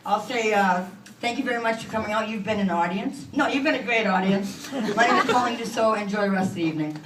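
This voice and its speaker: A woman in her forties from Canada doing a stand-up comedy set in a club, delivering self-mocking punchlines in a deadpan way. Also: mid-range voice, fast talker, a loud crowd. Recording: echoey club from far off.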